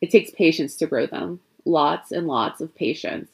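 A patient older conjure woman from a spooky storybook, speaking calmly and without hurry, as a woman reads her lines. Her words come out matter-of-fact and a little low, as if she has given this advice many times before. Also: normal speed, vocal fry, slightly rough, exaggerated voice.

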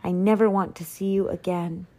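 A woman's voice: mid-range voice, steady tone, normal speed, warm tone, natural voice. A woman voicing an angry, haughty male duke in a storybook read-aloud, roaring and giving commands. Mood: stern.

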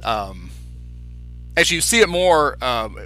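A man's voice: mid-range voice, big pitch swings, measured pace, sharp tone, faint music behind, poor audio. A man co-hosting a casual podcast, chatty and recounting film scenes with enthusiasm. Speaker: podcast co-host.

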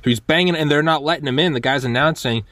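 A man hosting a podcast, telling stories in a lively, animated way and acting out quotes. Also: on the high side, fast talker, no room sound. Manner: animated storyteller, acts out quotes, many restarts. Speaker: podcast host. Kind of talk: casual conversation.

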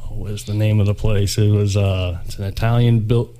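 A man chatting as a podcast guest, telling stories in a relaxed, rambling way. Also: fairly low pitch, normal speed, a little hiss or hum. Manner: easygoing, rambling storyteller. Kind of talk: casual chat.

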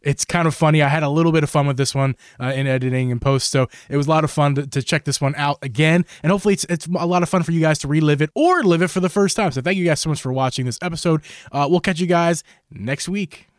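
A man hosting a casual podcast, excitable and quick to laugh. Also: fairly high pitch, clear, resonant tone, no room sound, clean studio sound. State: out of breath. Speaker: podcast host.

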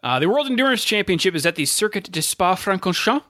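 A man's voice: high voice, very animated, fast talker, sharp tone, no echo, clean studio sound. A man co-hosting a casual motorsport podcast, running through standings and race listings with frequent self-corrections. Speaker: podcast co-host.

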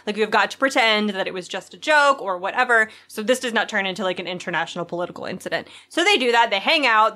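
A woman's voice: medium pitch, sharp tone. A woman co-hosting a podcast, summing up a book in rambling casual chat full of "like" and "um". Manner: rambling, with lots of "like" and "um".

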